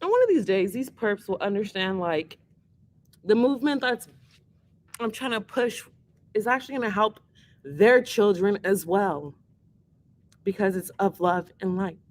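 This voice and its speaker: Taking song requests during her casual livestream, the woman speaks a little slowly with long pauses, her medium-pitched voice showing lively intonation. She rambles earnestly, swears freely, and is emotional and teary-eyed.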